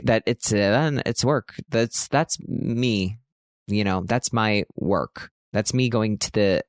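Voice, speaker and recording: A man's voice: on the low side, no room sound, clean studio sound. A man in his thirties hosting a casual, rambling monologue, chatty and self-mocking, full of "like" fillers. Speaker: podcast host.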